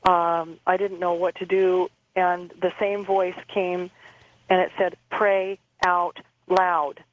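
A woman interview guest calmly recounting a personal experience, halting and repeating words as she goes. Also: fairly low pitch, no room sound, muffled recording.

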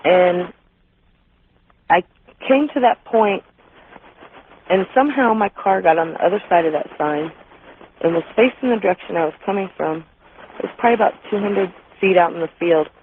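Woman calling in from new mexico, halting, lots of ums, tinny phone line. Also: fairly low pitch, animated, slight background noise. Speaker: caller. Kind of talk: phone-in call.

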